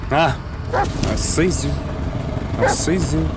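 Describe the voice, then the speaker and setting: Guy yelling and swearing at a horror game, voice jumps all over, slow drawl, game music behind. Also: a little high, lively intonation. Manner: loud, cursing, yelling at the game. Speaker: gaming video host. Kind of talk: let's play commentary. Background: game music and sounds.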